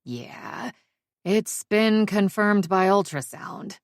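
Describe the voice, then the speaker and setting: A woman narrating a first-person romance audiobook in a measured, intimate way. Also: medium pitch, dry recording, studio quality.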